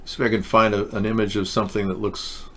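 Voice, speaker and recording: A man's voice: lowish voice, level tone, quick pace, fairly bright tone. A man hosting a show, talking in a casual, rambling, jokey monologue full of asides. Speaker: host.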